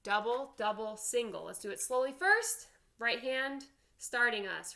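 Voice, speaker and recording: A woman's voice: a little high, expressive, a little slow, vocal fry, heavy background noise. A woman band teacher giving an online drum lesson, counting aloud and checking in with "all right?".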